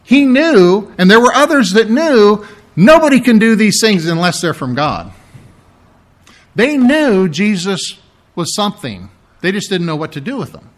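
A man preaching a sermon, explaining scripture with animated emphasis and mocking asides. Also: high-pitched, measured pace. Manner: animated, mocks the priests in a put-on sneering voice.

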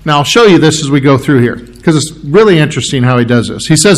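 Middle-aged male pastor, slightly higher voice, teaching sermon with restarts and throat-clearing. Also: lively intonation, quick pace. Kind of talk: expository sermon.

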